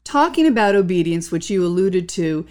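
A woman hosting a faith interview, asking measured, affirming questions. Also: on the low side, big pitch swings, darkish tone. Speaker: host.

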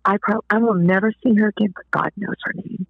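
A woman's voice: medium pitch, fairly even intonation, fairly quick, gravelly, no echo. Lady guest telling a church story over a tinny phone line, acts out voices. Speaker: guest author. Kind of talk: faith talk interview.

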